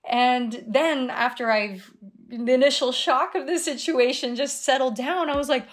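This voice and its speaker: A middle-aged woman, a guest on an interview show, telling a personal story in an animated way, her voice jumping high at surprising moments. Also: moderate pace. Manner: animated retelling with sudden high exclamations. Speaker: guest, dream guide.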